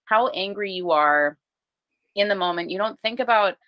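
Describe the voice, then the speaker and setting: A woman's voice: mid-range voice, moderate pace, dry recording, muffled recording. A young adult woman chatting candidly on a podcast, swearing freely and leaning on "like". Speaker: podcast guest or co-host. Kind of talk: casual chat.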